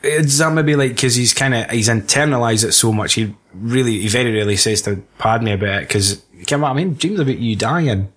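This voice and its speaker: A man's voice: medium pitch, a little fast, hardly any pauses, a bit bright, husky. A man in casual chat about a film, rambling and stop-start, swearing and breaking into mocking voices.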